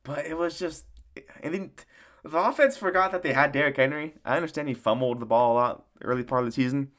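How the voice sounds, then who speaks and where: A sports commentator with a slightly high, somewhat bright voice talks fast through a casual, profane recap rant. He rambles and mocks, often laughing at his own jokes.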